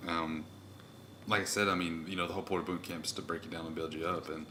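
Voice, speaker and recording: Young man, deep voice, bright tone, loud and rowdy, casual chat, faint noise. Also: flat delivery, quick pace. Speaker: podcast host.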